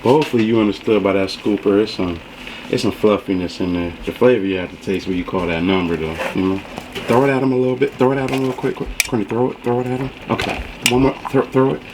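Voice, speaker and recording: A man's voice: on the low side, fairly even intonation, quick pace, background noise. A man hosting a casual food review in a kitchen, chatty and folksy, often saying "you know". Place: home kitchen beside the stove. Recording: loud frying sizzle behind.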